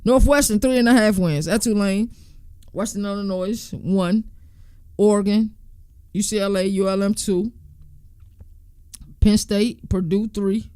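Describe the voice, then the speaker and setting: A man's voice: high-pitched, steady tone, measured pace, long pauses, a little mellow, clean tone, dry recording, clean studio sound. A man hosting a sports podcast, talking casually and in slang while he thinks aloud and counts through team schedules.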